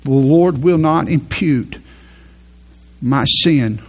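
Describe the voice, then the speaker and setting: A man preaching a sermon in an earnest way, slowing down to stress each verse of scripture. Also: fairly high pitch. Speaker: pastor.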